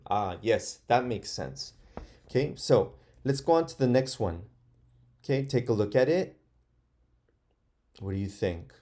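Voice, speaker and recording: A male first grade teacher leads an online phonics lesson, patiently sounding out words for young learners. He speaks very slowly, with hesitant fillers and a mellow tone. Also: lowish voice. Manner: slow, patient, models sounding out words aloud.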